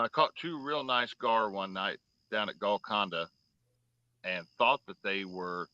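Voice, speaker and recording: Here the host of a fishing program talks casually while fishing, his low-leaning voice carrying a sharp tone as he drawls through meandering stories thick with fillers. There's no room sound, and the audio comes across dull.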